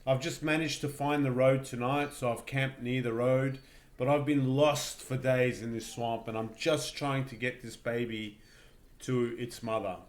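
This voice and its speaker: A man's voice: mid-range voice, steady tone, unhurried, natural voice. A man voicing a lost, mud-covered dwarf who sounds startled and pleading.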